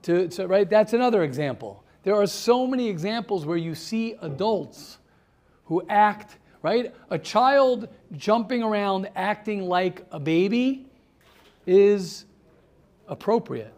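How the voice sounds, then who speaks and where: Leading a seminar, a rabbi delivers a motivational talk to a small group in a high voice at a slightly slow pace. His manner is animated as he tells stories, calls people by name, and repeats words to emphasize them.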